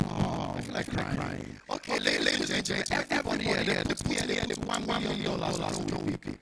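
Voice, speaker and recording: A man's voice: very deep voice, completely flat delivery, fast, creaky, pauses often. A man working as the MC at a launch event, joking and teasing the crowd. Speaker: MC at a product launch. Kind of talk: comic emcee banter. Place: large event hall. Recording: loud noisy event recording.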